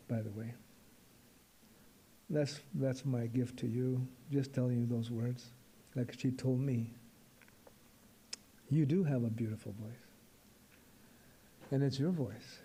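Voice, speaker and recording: An older man, a poet, giving a reflective storytelling talk to an audience in a halting, repetitive, musing way. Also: mid-range voice, mellow, slightly rough.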